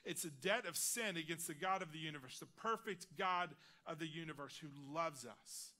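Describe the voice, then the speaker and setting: Bright-voiced man preaching a sermon. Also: fairly high pitch, moderate pace. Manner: earnest, personal testimony, drops quiet on key lines. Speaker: guest preacher. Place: large church auditorium.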